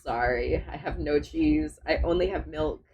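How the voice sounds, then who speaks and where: Slow, chatty man streaming as he draws. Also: a little high, darkish tone, slightly rough, poor audio. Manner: chatty, mutters steps to himself as he works. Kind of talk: casual live-stream chat while drawing.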